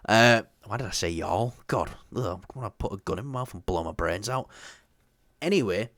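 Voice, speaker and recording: A man's voice: lowish voice, animated, normal speed, fairly bright tone, no echo, clean studio sound. A man co-hosting a casual movie news podcast, joking crudely and swearing freely. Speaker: podcast co-host.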